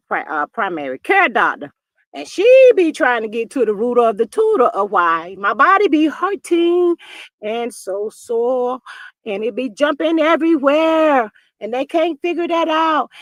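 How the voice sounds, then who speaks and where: High-voiced, chatty woman streamer. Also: no echo. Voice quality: animated, playful. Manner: chatty, folksy, reads chat names aloud. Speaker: livestream host. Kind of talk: casual livestream chat.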